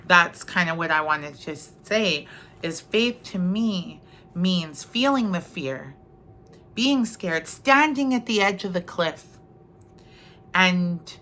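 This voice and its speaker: A woman's voice: lowish voice, pushed and bright, slight background noise. A middle-aged woman giving an earnest, conversational spiritual talk, often checking in with "right?". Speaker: motivational speaker.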